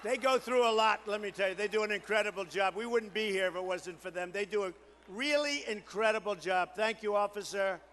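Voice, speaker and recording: A man giving a campaign rally speech, boastful and repetitive, riffing to the crowd and building to shouted crescendos. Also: sits high, fairly quick, in a large hall, a little hiss or hum. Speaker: political candidate at a rally.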